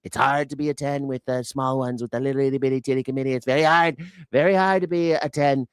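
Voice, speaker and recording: A man doing a mocking impression of a boastful, crude older male politician, with a slow, self-satisfied drawl. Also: medium pitch, steady tone, smooth, no echo, clean studio sound, lightly acted. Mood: smug.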